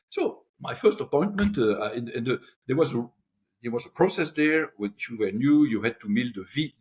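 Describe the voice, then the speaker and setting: An older man, a podcast guest telling animated stories with many restarts. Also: medium pitch. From Europe. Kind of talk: anecdotal storytelling.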